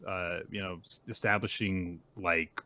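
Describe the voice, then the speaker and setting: A man's voice: low-pitched, steady tone, a little slow, bright, forceful tone. A man co-hosting a casual podcast, chiming in with joking asides and laughter. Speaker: podcast co-host. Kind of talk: casual recap chat.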